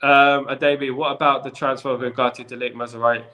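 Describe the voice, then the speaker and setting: A man's voice: mid-range voice, little pitch movement, brisk, pushed and bright. A man with a London accent hosting a football channel, chatting with viewers on a live stream in a repetitive, conversational way. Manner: repetitive, chatty, keeps saying "in regards to".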